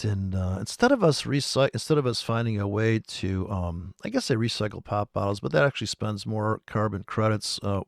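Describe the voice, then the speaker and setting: A man streaming about forex trading, ranting in a rambling, profane way with sudden loud outbursts. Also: mid-range voice, gravelly, no room sound, studio quality.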